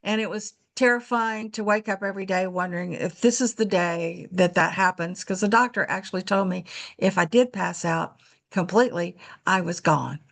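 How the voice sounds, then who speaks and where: A woman's voice: on the low side, moderate pace, creaky, fairly bright tone. Earnest woman sharing a health story. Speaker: webinar participant sharing a testimonial. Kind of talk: casual personal story.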